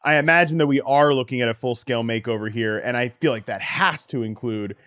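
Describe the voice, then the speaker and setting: A man co-hosting a sports podcast, his voice sitting at an ordinary middle pitch. He talks casually and with energy, steering the conversation along. The sound is dry and close, with no room echo. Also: brisk. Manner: energetic, runs the segments and pitches the questions. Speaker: fantasy football podcast co-host. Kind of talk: casual sports analysis chat.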